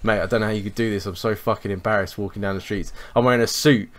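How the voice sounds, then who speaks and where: A young man, co-hosting a podcast and telling sweary, animated anecdotes in casual chat. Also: on the low side, very fast. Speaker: podcast co-host.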